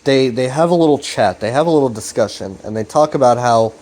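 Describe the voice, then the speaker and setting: A man's voice: mid-range voice, brisk, darkish tone. Laid-back, cursing rambler, man. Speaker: video series host. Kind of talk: casual rambling recap.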